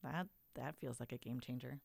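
Expressive woman podcast host. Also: rumbling low, moderate pace, creaky, breathy edge, no echo. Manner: warm, expressive, emotional emphasis. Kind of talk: casual conversation.

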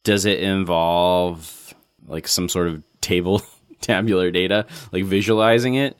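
A man's voice: sits low, steady tone, measured pace, clear, resonant tone, dry recording. A man designer talking casually with dry humor. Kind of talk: casual chat.

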